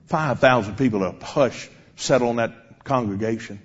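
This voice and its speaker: A man's voice: medium pitch, moderate pace, hardly any pauses, husky. A man preaching a sermon, speaking directly and challengingly to his congregation, on a dull lo-fi recording.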